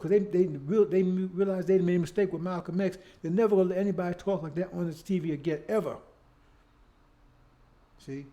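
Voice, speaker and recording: A man with a high, mellow voice delivers a preaching monologue. He leans hard on repetition and rhetorical questions and keeps tossing out "See?" to press his point. His speech is emphatic and mocking by turns. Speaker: speaker leading his own show.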